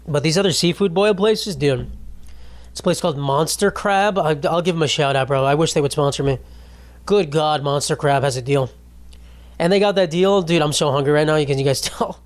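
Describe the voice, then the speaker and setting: A young man talks solo on his comedy podcast, loose and profane, full of "bro" and "dude." His voice sits a little high for a man. His throat is dry as he rambles on. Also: fairly quick. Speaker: podcast host. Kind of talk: casual comedic monologue; read sponsor ad.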